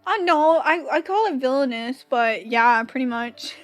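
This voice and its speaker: Valley girl streamer chatting while she draws, high voice, giggly, faint music under her. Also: lively intonation, unhurried, no room sound. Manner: chatty, giggly, lots of "like" fillers. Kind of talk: casual stream chat while drawing.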